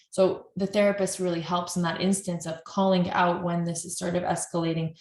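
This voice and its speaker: Low-voiced woman therapist in a roomy echo. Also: level tone, a little fast, few pauses, darkish tone. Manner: earnest, explains at length with many restarts. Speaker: couples therapist. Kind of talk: explanatory talk to camera.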